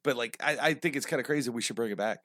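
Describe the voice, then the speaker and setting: A man's voice: medium pitch, rapid-fire, a bit bright, no room sound. A man hosting a podcast, telling a history story casually with lots of swearing and jokey tangents. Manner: profane, rambling, jokey tangents. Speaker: podcast host.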